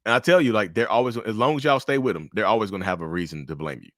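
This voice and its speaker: A man giving blunt, animated commentary to camera about relationships. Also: fairly low pitch, rapid-fire, no room sound, clean studio sound.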